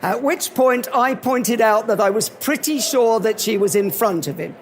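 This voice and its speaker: A man giving a live motivational talk at an event, telling animated anecdotes. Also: sits high, moderate pace, a little hiss or hum. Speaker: motivational speaker.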